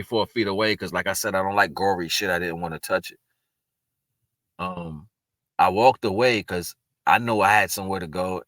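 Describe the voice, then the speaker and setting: A man with a very low voice talks to the camera in a loose, unscripted monologue. He sounds earnest and reflective, and his sentences often stall and restart. The recording is dry and close, with no room sound. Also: fairly bright tone, dry recording. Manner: rambling, earnest, spiritual, with frequent restarts. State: tearful at moments. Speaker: vlogger sharing personal reflections. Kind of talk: casual spoken monologue.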